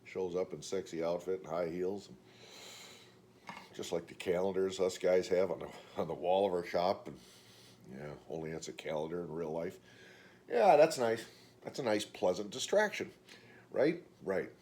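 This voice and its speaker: A middle-aged man talking casually in a vlog monologue, telling stories and mimicking other people in a raised voice. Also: moderate pace. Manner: animated storytelling, mimics others in high voices. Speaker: vlogger.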